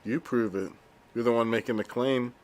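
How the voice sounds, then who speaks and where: A man's voice: medium pitch, fairly even intonation, moderate pace. A man co-hosting a casual podcast who trades playful, defiant quips. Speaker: podcast co-host.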